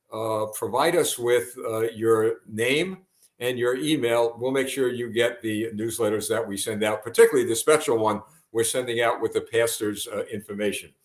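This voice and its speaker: A man hosting a live broadcast, earnest and halting, with many fillers and restarts. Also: medium pitch, roomy sound.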